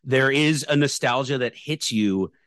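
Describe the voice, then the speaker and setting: A man's voice: medium pitch, unhurried, fairly bright tone, dry recording, clean studio sound. A man co-hosting a podcast, talking casually and turning reflective when he makes a longer point. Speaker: podcast co-host. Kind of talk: casual chat.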